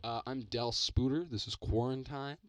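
A man's voice: mid-range voice, steady tone, moderate pace, a bit bright, no room sound. A man hosting a mock radio show, stammering and full of ums and uhs. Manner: hesitant, filler-heavy, stammering. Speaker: podcast host.

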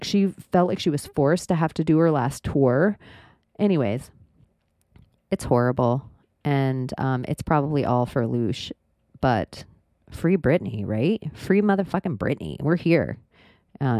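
A woman hosting a podcast, rambling casually with frequent swearing and animated outbursts. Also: low-pitched, dry recording, studio quality. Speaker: podcast host. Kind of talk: casual monologue.

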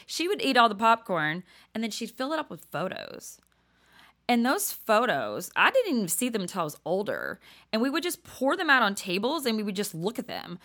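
An older woman with a twang tells stories on her own podcast. Her voice is bright and swings widely up and down. She chats freely, laughs easily and sometimes sinks to a near-whisper to make a point. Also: mid-range voice, wildly swooping pitch, a little fast. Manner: chatty, laughing, drops to near-whispers for emphasis. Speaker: podcast host. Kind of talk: casual storytelling monologue.

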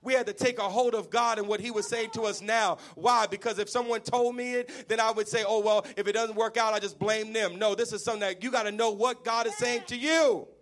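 A man preaching a sermon as pastor, impassioned, at times shouting refrains to the congregation. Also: high voice, fairly even intonation, fairly quick, few pauses.

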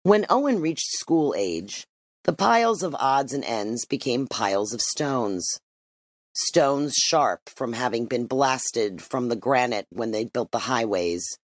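A narrator reading a literary story aloud in an expressive, measured way. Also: mid-range voice, dry recording. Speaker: audiobook narrator.

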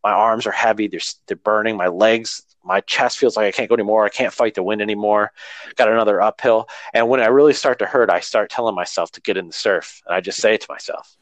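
A man's voice: fairly low pitch, steady tone, fast, no room sound. Earnest man rambling about training, dry. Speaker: runner talking about training. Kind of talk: casual podcast conversation.

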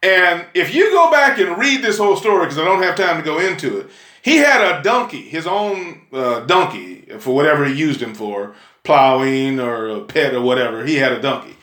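High, lively preacher shouting in sermon. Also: male voice, normal speed, reverberant. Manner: emphatic, call-and-response "huh?", sudden shouts.

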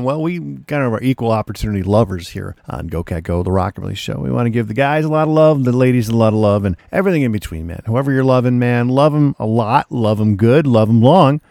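A man's voice: mid-range voice, vocal fry, darkish tone, dry recording, clean studio sound. A man hosting a radio show, chatting in a laid-back way and often calling listeners "man". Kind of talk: casual radio DJ chat.

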